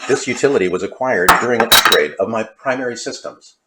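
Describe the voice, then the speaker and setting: A man voicing a stiff male robot that speaks flatly and beeps. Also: lowish voice, fast, slight background noise. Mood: mechanical. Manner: flat mechanical delivery with beeping.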